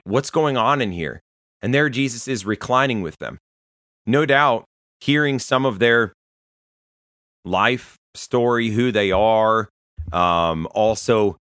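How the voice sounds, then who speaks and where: A man's voice: medium pitch, fairly bright tone, no room sound, studio quality. A man, a pastor, preaching a sermon in a conversational, storytelling way. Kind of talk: sermon to listeners.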